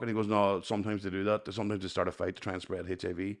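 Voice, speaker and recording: A man's voice: lowish voice, very fast. A man with a Northern Irish accent, co-hosting a casual podcast chat and telling stories with heavy swearing and acted-out quotes. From Northern Ireland. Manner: animated storyteller who acts out quotes, swears heavily. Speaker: podcast co-host.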